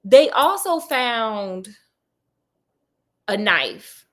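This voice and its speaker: A woman casually retelling a story with sassy, slangy remarks and deadpan asides. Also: fairly high pitch, extremely slow, a little hiss or hum.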